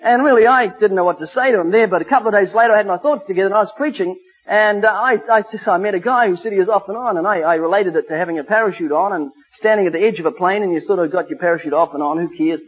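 High-voiced husky male preacher. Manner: emphatic, slows down to stress scripture. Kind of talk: sermon with storytelling. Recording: dull lo-fi recording.

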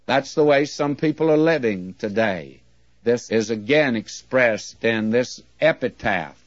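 Male preacher, American, unhurried and earnest; dry, dull old recording. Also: mid-range voice, expressive, dry recording. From United States. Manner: measured, earnest preaching with slow emphatic readings. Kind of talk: sermon.

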